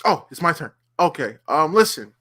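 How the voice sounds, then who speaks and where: A man co-hosting a podcast in casual chat, an animated storyteller who repeats himself and uses lots of fillers. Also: on the high side, moderate pace, breathy edge. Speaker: podcast co-host.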